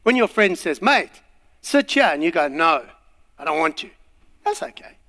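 A man's voice: fairly high pitch, lively intonation, normal speed, sharp tone. A man preaching a sermon, acting out little scenes and voices as he goes. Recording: long hall reverb.

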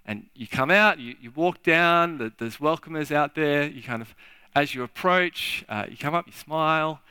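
Bright, crisp-voiced male preacher. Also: on the high side, no echo. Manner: halting, repeats words, acts out little scenes. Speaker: pastor. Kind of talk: sermon. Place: church.

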